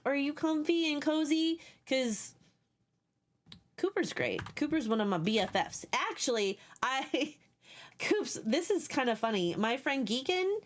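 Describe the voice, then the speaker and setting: A woman streaming a video game with a high voice that leaps up and down. She chats casually, swears at enemies and thanks her viewers warmly. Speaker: live streamer. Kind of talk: casual gaming live stream chat.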